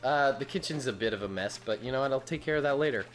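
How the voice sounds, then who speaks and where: A man's voice: medium pitch, fast, fairly bright tone. A man co-hosting a casual gaming video, chatting and joking and breaking into silly character voices. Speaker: gaming channel co-host. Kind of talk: casual gameplay chat.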